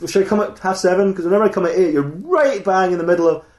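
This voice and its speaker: A man's voice: high voice, expressive, fast, darkish tone, pitched above the performer's own voice. A man voicing a laid-back teenage boy with whiny, slangy speech, in an echoey room. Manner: whiny, slangy teen talk.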